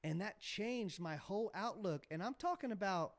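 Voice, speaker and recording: Candid, higher-voiced man in his forties. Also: moderate pace, no echo. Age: 40s. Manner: candid storytelling, animated when retelling a scene. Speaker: podcast guest, motocross team owner. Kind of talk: casual interview talk.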